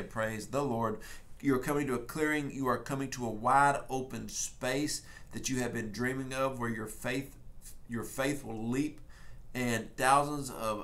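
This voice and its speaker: Texan guy preaching, folksy and punchy, slows down then rushes ahead. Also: medium pitch, fairly bright tone. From Texas. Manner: folksy and emphatic, speeds up and slows down. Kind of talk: prophetic sermon, casual storytelling.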